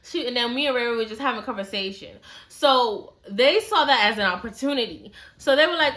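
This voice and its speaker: A woman's voice: fairly high pitch, animated, fairly quick, few pauses, a bit bright. A woman telling a story in a casual, chatty way, full of slang and "like" fillers.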